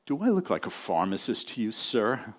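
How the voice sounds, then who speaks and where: A man's voice: fairly low pitch, very animated, moderate pace. A man reading the lines of a suspicious woman pharmacy clerk in a story, with terse, clipped questions. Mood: curt.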